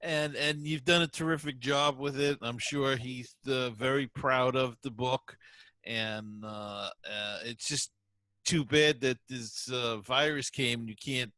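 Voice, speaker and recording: A male podcast host who speaks slowly in a bright, tense voice. He chats casually and hesitates, filling gaps with ums and uhs, on a dry, close recording. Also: mid-range voice, fairly even intonation, dry recording. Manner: hesitant with many filler words. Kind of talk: casual interview chat.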